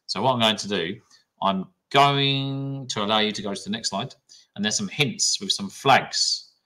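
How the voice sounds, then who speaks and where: A man with a lowish, bright, forceful voice leads a classroom quiz as the teacher. He keeps things upbeat and encouraging, quick to cheer every right answer. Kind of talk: running a classroom history quiz.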